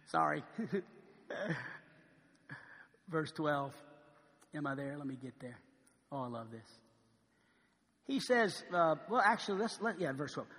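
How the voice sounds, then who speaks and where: A man preaching a sermon as pastor, animated, swinging from loud calls to a hushed near-whisper. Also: high-pitched. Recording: long reverb in a large hall.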